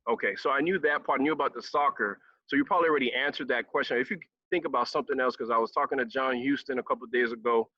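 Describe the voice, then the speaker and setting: A man's voice: mid-range voice, very fast, few pauses, pushed and bright, no room sound. A man hosting a podcast interview, chatting casually with frequent laughs and long, rambling questions. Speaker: podcast host. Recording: dull lo-fi sound.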